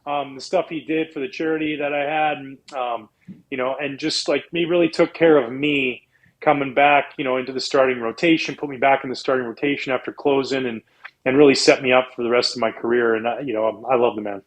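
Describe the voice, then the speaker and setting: Middle-aged man from Canada, guest storyteller, casual and animated, jumps into high-pitched impressions. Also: fairly quick, rough recording.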